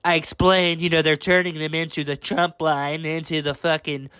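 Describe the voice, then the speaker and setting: A man's voice: fairly high pitch, little pitch movement, moderate pace, pushed and bright, clear, resonant tone, no echo. A young man angrily ranting through a review of a wrestling show, swearing and exasperated. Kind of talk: angry rant review.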